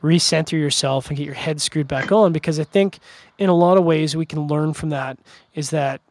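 A middle-aged man from Canada chats casually on a podcast, wandering through stories with lots of "you know" and restarts. His voice sits a little high for a man. The sound is dry and close, with no room around it. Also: no echo. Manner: rambling storyteller with frequent restarts and fillers. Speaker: podcast co-host. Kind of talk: casual chat.

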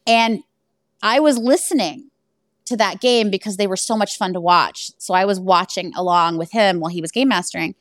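Woman, escape room owner, animated storyteller, mid-pitched voice, dry close sound. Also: normal speed, no echo. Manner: animated, laughs through stories. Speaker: guest. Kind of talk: casual storytelling interview.

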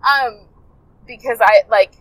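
This woman's voice is a little high and a bit bright, and she takes her time. A health coach podcaster, she tells her listeners about a client in a rambling, heartfelt, casual way, frequently fixing her words mid-sentence. There's no room sound, but the recording is rough.

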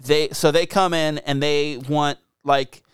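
A man's voice: a little high, flat delivery, slow, smooth, no echo, studio quality. A man co-hosting a casual podcast, teasing his co-host and steering the conversation. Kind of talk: casual chat.

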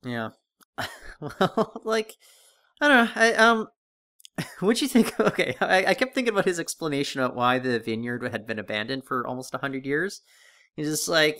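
A man's voice: on the high side, animated, moderate pace, sharp tone. A man co-hosting a casual podcast discussion, talking with many fillers and restarts. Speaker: podcast co-host.

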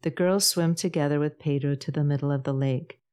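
Calm, low-voiced woman narrator for a podcast storybook. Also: brisk, smooth. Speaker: author and podcast host.

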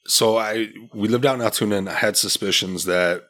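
Blunt deep-voiced man telling a story. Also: brisk, pushed and bright. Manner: candid, blunt and profane, with many restarts. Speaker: podcast guest. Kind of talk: casual storytelling.

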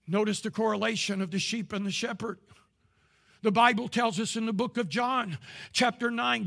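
An older man preaching a sermon as pastor to a live congregation, his passion swelling into shouts. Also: high-pitched, creaky. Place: church service before a live congregation.

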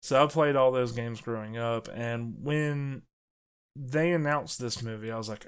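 A man co-hosting a casual podcast. He talks in an animated, jokey way and often restarts his sentences. His voice sits in an ordinary middle pitch. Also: measured pace, smooth. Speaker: podcast co-host. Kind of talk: casual movie review chat.

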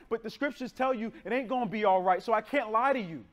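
A young male pastor preaching a sermon in a conversational way, with slang and quick swings between loud bursts and hushed lines. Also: extremely high pitch.

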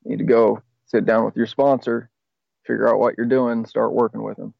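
A man with a gravelly, mid-range voice shares his recovery story as a podcast guest, speaking a little fast with little pitch movement. He rambles candidly, swears, and laughs at himself, in dry, slightly dull audio with no echo.

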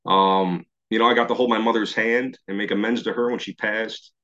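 His voice sits lowish and fairly bright, with fairly even intonation and a fairly quick pace. He's a middle-aged man from New York sharing his recovery story on a video call to a meeting, dramatizing old thoughts and chuckling at himself, with the audio coming through slightly dull.

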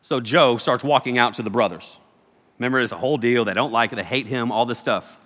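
A man preaching a sermon as a youth pastor, telling the story in an animated, joking way. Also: mid-range voice, fairly quick. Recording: echoey hall.

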